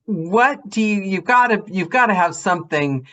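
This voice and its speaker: A woman's voice: mid-range voice, lively intonation, moderate pace, a bit bright, dull audio. A woman from England hosting an interview, asking curious questions in a friendly, laughing way. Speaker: podcast host. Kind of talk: casual interview chat.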